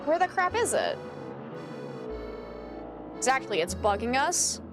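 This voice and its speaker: A woman livestreaming a game and chatting casually, with growing exasperation and some casual swearing. Her voice is high and very lively, swooping up and down as she talks. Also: slow pace, music in the background. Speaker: streamer. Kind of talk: casual gameplay commentary.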